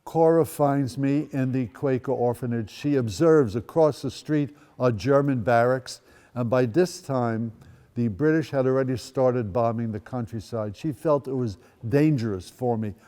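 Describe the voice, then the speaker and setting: With an unhurried, dark, medium-pitched voice, a Dutch-born man in his eighties gives a storytelling talk about his own life at a school venue. He's a guest speaker with wry, dry asides, and the room sounds big.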